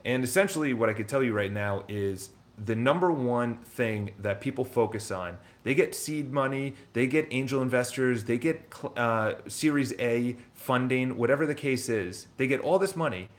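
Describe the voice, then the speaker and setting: In blunt, casual talk that wanders and slips readily into swearing, a man who owns a business and works as a real estate broker recounts his story. His pitch sits in the medium range.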